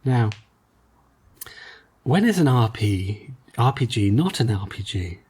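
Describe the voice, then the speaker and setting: A man's voice: medium pitch, big pitch swings, takes it slowly, darkish tone, breathy edge. A man co-hosting a podcast, chatting casually about retro games in a rambling, hesitant way with lots of fillers. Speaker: podcast co-host.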